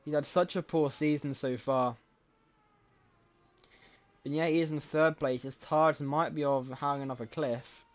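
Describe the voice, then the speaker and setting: A man giving live race commentary from home late at night, excitable and often correcting himself mid-sentence, with a scratchy throat. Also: a little high, measured pace, long pauses. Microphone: desk microphone. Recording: slightly muffled lo-fi mic.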